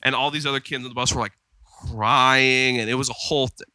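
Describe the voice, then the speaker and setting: Guy cohosting a podcast, super bright voice, rambles with lots of ums, dry close mic. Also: medium pitch, fairly even intonation, brisk, no room sound. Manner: rambling storyteller with many fillers. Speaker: podcast co-host. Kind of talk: casual chat. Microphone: studio podcast mic.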